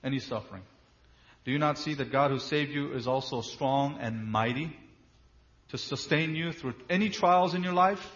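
A man's voice: mid-range voice, fairly bright tone. Emphatic preacher man, slightly dull audio. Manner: emphatic, with slow drawn-out stresses and rhetorical questions. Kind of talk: sermon.

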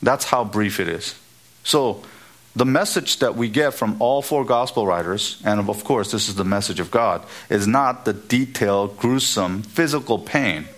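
A man preaching an expository sermon, emphatic and building to high, repeated exhortations. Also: measured pace, a bit bright.

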